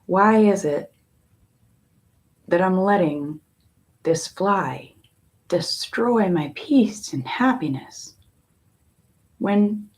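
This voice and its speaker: A woman tarot reader in a casual spiritual talk, musing in a slow, meandering way with long pauses. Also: lowish voice, darkish tone.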